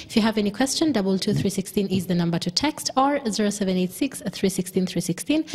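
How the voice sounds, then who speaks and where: A woman hosting a live TV and radio talk show from a studio, talking in a conversational way with quick affirming replies. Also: fairly low pitch, darkish tone.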